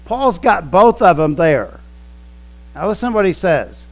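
A man preaching a sermon, teaching slowly and emphatically, quoting scripture and explaining original-language words. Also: high voice, big pitch swings, rough recording. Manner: slow, emphatic teaching with quoted scripture and word studies. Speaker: pastor.

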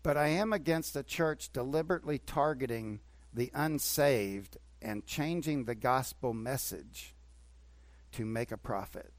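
A man preaching a sermon, moving between emphatic bursts and quieter asides. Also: medium pitch, unhurried, no echo. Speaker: pastor.

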